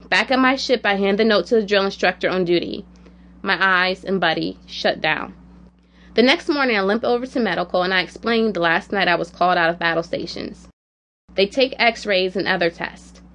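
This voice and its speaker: A woman narrating a personal story in the first person, in a quiet, measured, reflective way. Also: medium pitch.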